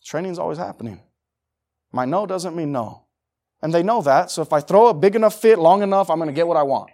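A middle-aged man preaching with a high voice. He talks to the congregation in a plain, conversational way and keeps circling back to the same phrases for emphasis. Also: animated, fairly quick, a little mellow. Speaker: pastor. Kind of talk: sermon.

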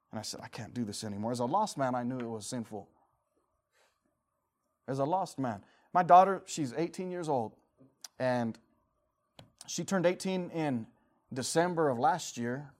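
A man in his forties preaching a fervent sermon, swinging from quiet, low passages to loud, high-pitched shouting, acting out prayers and inner voices. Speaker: pastor.

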